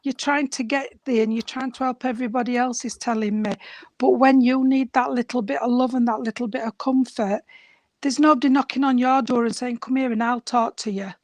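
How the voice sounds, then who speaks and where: A woman giving a mediumship reading, her voice going hoarse, calling the sitter sweetheart and darling. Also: on the high side, fairly even intonation, fairly quick, a little mellow, no room sound.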